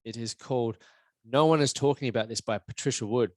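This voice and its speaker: A man's voice: medium pitch, a little fast, no room sound. A young man hosting a solo podcast, talking candidly and reflectively and swearing casually. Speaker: podcast host.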